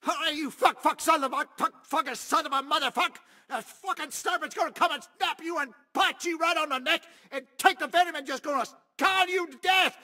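A man's voice: very high-pitched, fairly quick, hardly any pauses, bright, forceful tone, exaggerated voice. A man voicing a foul-mouthed, hot-tempered repairman in a video game, ranting and cursing to himself. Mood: threatening.

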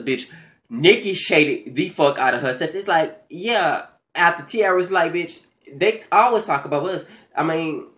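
A man hosting his own video channel, giving a casual, profane, animated recap of a reality show, with big jumps in pitch and loudness and excited stammers. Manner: stammers and restarts when excited. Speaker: YouTube show recap host.

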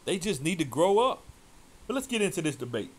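Fiery, animated preaching man. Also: on the high side, fairly quick, slightly rough. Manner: fiery, scolding, quotes scripture loudly. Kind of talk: preaching commentary over a debate clip.

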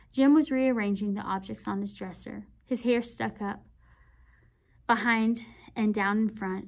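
A woman reading a novel aloud as host of a read-aloud channel, expressive and measured. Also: mid-range voice, creaky.

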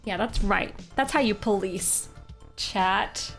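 A woman's voice: mid-range voice, slow pace, a bit bright, soft background music. A woman streamer playing an old adventure game, reading its text aloud with playful jokes. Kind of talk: casual game livestream commentary.

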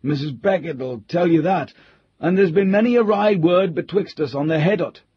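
A man's voice: fairly high pitch, normal speed, husky, dry recording, dull audio, pitched above the performer's own voice. A man doing a fretful old butler. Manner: raised, fretful old man's voice in country dialect. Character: old male butler, rustic, superstitious, anxious.

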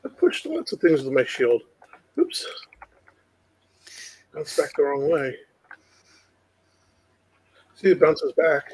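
A man's voice: on the high side, big pitch swings, takes it slowly, pauses often, darkish tone, a little hiss or hum, low-quality recording. A man playing a game with friends, calling out what he sees and narrating his own moves. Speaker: co-player. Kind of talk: play-by-play gaming chat.

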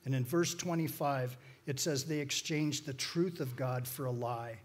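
A man's voice: mid-range voice, a little slow. A man speaking as a guest speaker, telling stories in a folksy, rambling way with many restarts and fillers. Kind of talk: informal church talk with storytelling.

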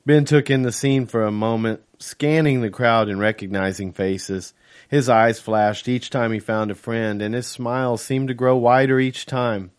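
A man reading his own novel aloud as first-person audiobook narration, in a steady, measured way. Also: mid-range voice, smooth.

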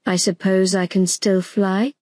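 A woman reading the part of a small, timid boy in a bedtime storybook, soft and hesitant. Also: mid-range voice, level tone, unhurried, no room sound, lightly acted.

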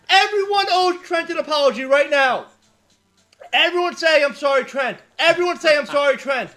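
A man hosting a live card break, reading out player names and shouting with excitement over big pulls. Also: extremely high pitch, normal speed, faint music behind. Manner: reads out player names one by one. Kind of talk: live card-opening stream.

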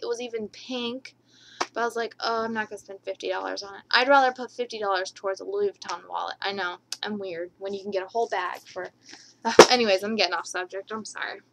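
A woman's voice: on the high side, noisy background. A woman showing off her scrapbooking purchases in a casual haul video, gushing and repeating how much she loves each item, with rambling asides.

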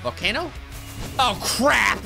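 A man commentating his own Minecraft play, excitable, yelping and laughing at the chaos. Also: very high-pitched, slow, vocal fry, faint music behind. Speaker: gaming YouTuber.

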